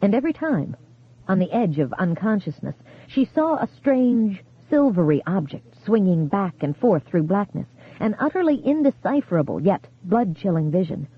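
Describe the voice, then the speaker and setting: An audiobook narrator reading a horror novel in a measured, storytelling manner. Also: mid-range voice, sing-song, breathy edge. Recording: tinny phone-like sound.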